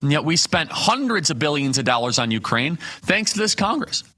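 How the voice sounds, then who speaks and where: A man hosting a live political talk show, speaking in a bright, forceful voice that sits a little higher than most. He builds his points through rhetorical questions and punchy lists, hitting each one hard. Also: sing-song, brisk.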